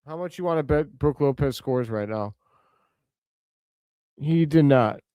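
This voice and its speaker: A man hosting a live watch-along stream, giving casual play-by-play and answering viewers' comments, with excitable outbursts over big plays. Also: on the high side, measured pace, clean tone, no room sound.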